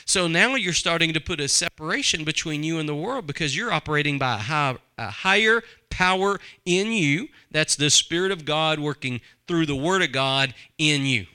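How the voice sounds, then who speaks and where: A man's voice: a little high, expressive, moderate pace, few pauses, pushed and bright, clear, resonant tone. A man preaching a sermon, conversational and full of rhetorical questions to the congregation. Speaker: pastor.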